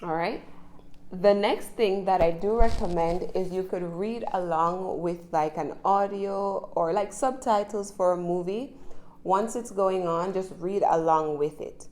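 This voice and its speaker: Jamaican woman teaching English, lowish voice. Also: darkish tone. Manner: chatty, encouraging, frequent tag questions. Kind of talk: casual spoken lesson.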